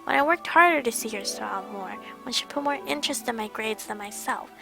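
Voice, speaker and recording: A woman reading first-person visual novel narration aloud in a soft, near-whispered way. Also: on the high side, expressive, brisk, vocal fry, over music. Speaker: let's play streamer.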